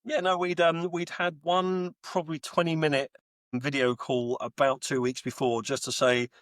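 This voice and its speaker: A Texas-raised man in his forties, a home Bitcoin miner, guests on a podcast in a casual interview chat. He's a chatty, animated storyteller full of fillers and restarts, speaking at normal speed in a slightly high voice with no echo.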